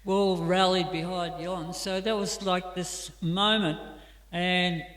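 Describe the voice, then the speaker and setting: A man's voice: high-pitched, steady tone, slow, a bit bright. A man with an Australian accent giving a scripture class in a temple, telling stories in a chatty way with many fillers. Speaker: class speaker. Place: temple hall. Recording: echoey temple hall.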